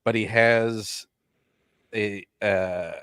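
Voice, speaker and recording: A man's voice: on the low side, steady tone, extremely slow, a bit bright, smooth, no room sound. A man with a General American accent hosting a casual chat in a wry, playfully teasing way. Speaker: host.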